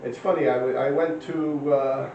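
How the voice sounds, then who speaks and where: A man's voice: medium pitch, steady tone, normal speed, mellow, slight background noise. A man in his fifties, a guest telling stories in a casual, profane, rambling street manner. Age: 50s. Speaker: interview guest. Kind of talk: casual storytelling. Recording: roomy, distant, dull lo-fi.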